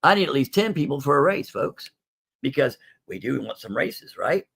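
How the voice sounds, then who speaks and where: A man's voice: mid-range voice, very animated, moderate pace, vocal fry, a bit bright, husky. A man hosting a casual livestream sale of coins and jewelry, chatty and folksy, calling viewers "folks.". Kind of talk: casual live sales stream.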